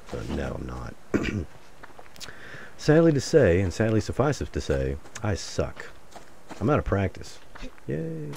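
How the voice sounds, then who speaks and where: Over slight background noise, a man with a low-pitched, darkish voice jokes his way through a survival game. As the host of a gaming channel, he rambles and mutters little asides to viewers in laid-back solo gameplay commentary.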